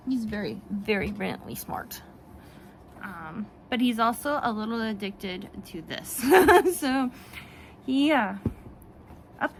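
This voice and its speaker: A woman talking casually in a vlog, animated and rambling, with frequent restarts and laughs. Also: on the high side, slight background noise. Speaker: vlogger and children's book author. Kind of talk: casual talk to camera.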